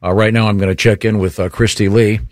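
A man hosting a morning radio show, chatting relaxed with many pauses. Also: on the low side, no room sound, clean studio sound.

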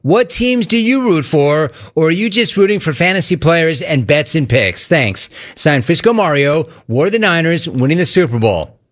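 A man hosting a sports talk show, talking casually in a mocking, animated way with quick asides. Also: a little high. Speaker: sports talk radio host.

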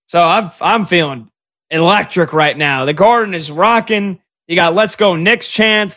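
A man in his thirties hosting a sports talk radio show, talking like an excitable, fast-talking fan. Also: high voice. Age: 30s.

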